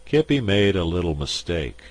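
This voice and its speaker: A man voicing a graying gambling boss who speaks quietly with calm authority. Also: low-pitched, normal speed. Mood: cool. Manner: quiet, soft-spoken authority. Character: graying, broad-shouldered male gambling boss, cool.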